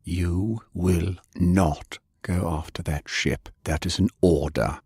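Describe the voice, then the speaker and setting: Brief: stern older elder, controlled and commanding, deep and flat in the room, as a man voices him. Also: takes it slowly, breathy edge, dry recording, clean studio sound, exaggerated voice. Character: gruff older male elder, stern and secretive.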